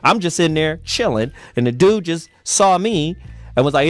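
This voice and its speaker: A man hosting a casual morning talk show, talking in an animated, slangy and emphatic way. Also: a little high, normal speed, soft background music. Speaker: host. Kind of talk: casual radio-show chat.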